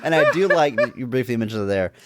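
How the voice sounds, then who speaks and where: A man co-hosting a movie podcast, talking in a relaxed, agreeable way with chuckling asides. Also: mid-range voice, quick pace, very noisy. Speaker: podcast co-host. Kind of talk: casual movie review chat.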